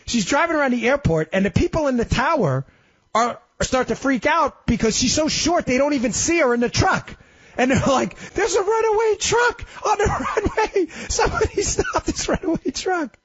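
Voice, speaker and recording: A man's voice: breathy edge, dry recording. A man hosting a talk radio show, telling a story emphatically and sounding slightly ill. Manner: emphatic storytelling with sudden pitch swings. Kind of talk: impassioned talk radio monologue. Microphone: studio microphone. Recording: dry, slightly dull radio studio audio.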